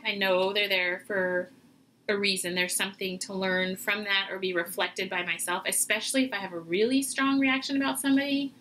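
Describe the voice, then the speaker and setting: A woman and mother talking as a guest in a casual interview, animated and quick to act out what people say. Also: mid-range voice, poor audio. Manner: animated, acts out quoted voices. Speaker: podcast guest.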